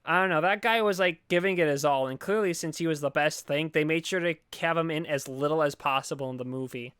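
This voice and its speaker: A man riffs sarcastically about a bad movie on a podcast, rambling and swearing as he goes. His voice is smooth and clear, sitting a little high. The sound is close and dry. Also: brisk, a bit bright, no echo. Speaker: podcast co-host. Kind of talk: casual movie review chat.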